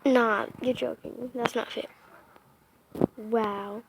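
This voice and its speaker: A young woman vlogs casually to her phone or tablet camera while sitting indoors by a window during a storm, sounding apologetic and often dropping to a whisper. Her fairly high voice is steady, slow and creaky, over heavy background noise.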